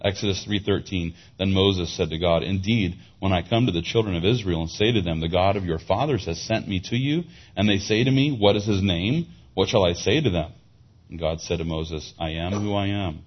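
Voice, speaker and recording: A low, husky male voice preaching a sermon, working through scripture and Hebrew words in a teaching manner. The recording is dull and lo-fi. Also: a little fast. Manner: expository Bible teaching, explaining Hebrew words; rises in pitch and volume for emphasis. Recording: dull lo-fi sound.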